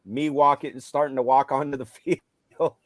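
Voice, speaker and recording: A middle-aged man, a football coach, casually retelling stories from his games, getting loud and animated when he quotes himself. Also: mid-range voice, measured pace, no echo. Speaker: high school football coach. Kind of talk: casual storytelling on a live show.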